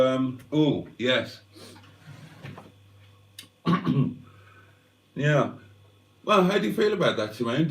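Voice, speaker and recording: A man hosting a livestream, chatting to viewers in a rambling, wry, self-mocking way and clearing his throat often. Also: mid-range voice. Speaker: livestream host. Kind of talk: rambling casual chat to viewers. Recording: roomy sound, mic at a distance.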